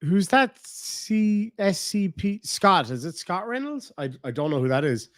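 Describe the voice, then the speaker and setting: A man's voice: sits high, lively intonation, measured pace, fairly bright tone, no echo, clean studio sound. A man with a Cork Irish accent, chatting casually on a live stream, rambling and swearing freely as he thinks aloud. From Ireland.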